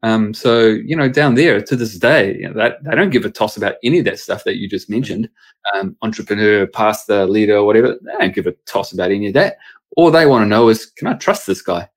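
A man's voice: on the low side, fairly quick. A man, a pastor and sports chaplain, telling stories casually in an interview and acting out the voices of people he quotes.

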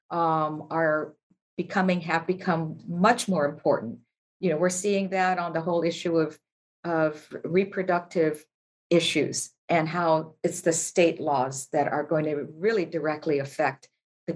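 A woman co-hosts a casual political discussion in a voice pitched slightly low. She speaks in a measured, thoughtful way, pausing on fillers as she gathers her points. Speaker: co-host.

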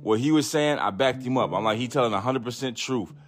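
A man hosting a podcast, telling a story in a casual, profane, animated way, acting out other people's voices. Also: mid-range voice, a little fast, soft background music. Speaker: podcast host.

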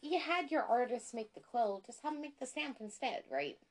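A woman co-hosting a podcast in casual chat, excitable and self-deprecating, stumbling over words when she gets worked up. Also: a little high, normal speed. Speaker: podcast co-host.

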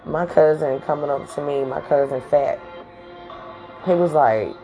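Mellow-voiced woman telling a candid story. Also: low voice, measured pace, faint music behind, low-quality recording. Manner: candid, profane, slangy. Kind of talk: casual storytime monologue.

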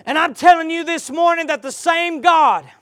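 A man with a strikingly high voice preaches with fervor, calling out questions for the congregation to answer. He rises to loud peaks, then drops to near-whispered passages. The sound is dry and close, with no room echo. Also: moderate pace. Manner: impassioned, swings from loud to hushed, asks the congregation questions. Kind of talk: live sermon with call-and-response.

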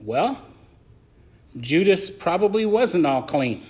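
A man preaching as pastor of a church, swinging between loud emphasis and soft asides as he reads and explains scripture. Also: high voice, sing-song, slow pace. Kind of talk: sermon.

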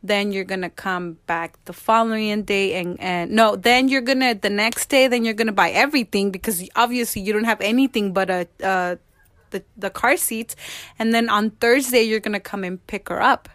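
A married woman telling a personal story as an interview guest, acting out quoted dialogue with animated voices. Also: mid-range voice, normal speed, no room sound. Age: adult, married.

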